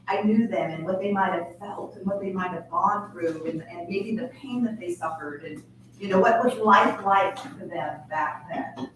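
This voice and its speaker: Brief: woman presenter, family reunion talk, heard from afar in a loud echoey hall. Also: mid-range voice. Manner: chatty, asks the room questions. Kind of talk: casual family history talk. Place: large room at a family reunion. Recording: echoey hall from far off with noise.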